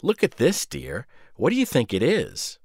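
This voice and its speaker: Man voicing an older woman boss, nosy, cooing, lively pitch, dry close sound. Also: unhurried, slightly rough, dry recording, full character voice. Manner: nosy, coaxing. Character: pushy older woman station owner, gossipy.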